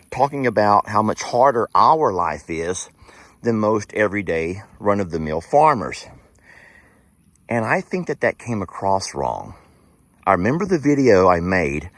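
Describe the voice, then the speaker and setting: A man speaks on his farm in a deep voice that swings widely up and down. He rambles, thinking out loud and turning to talk straight to his viewers. It is a casual outdoor vlog. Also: no echo. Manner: rambling, reflective, addresses viewers directly. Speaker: farm sanctuary video creator.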